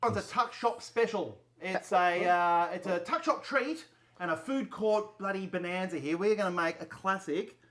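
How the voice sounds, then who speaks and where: A woman's voice: medium pitch, normal speed, a little hiss or hum. A woman hosting a playful cooking-show parody in a bubbly presenter voice. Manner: bubbly put-on presenter voice, giggly.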